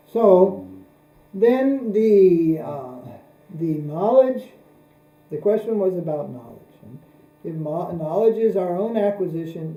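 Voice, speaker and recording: A man giving a religious lecture as a spiritual teacher, speaking in a measured, repetitive, anecdotal way, recorded in an echoey room with a mains hum. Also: fairly high pitch, mellow.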